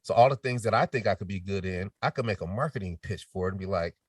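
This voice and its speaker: A middle-aged man speaking as a podcast guest in casual chat, telling lively stories and switching into quoted voices, sometimes dropping to a near whisper. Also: low voice, fast, slightly rough, dry recording, clean studio sound, far from the mic. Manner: animated storytelling with quoted voices, drops to a near whisper to demonstrate.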